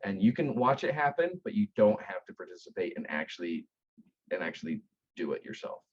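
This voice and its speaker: A man, founder of an aftercare company, telling stories in an earnest, animated way with frequent restarts. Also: lowish voice, brisk, husky, lo-fi sound. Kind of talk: conversational storytelling.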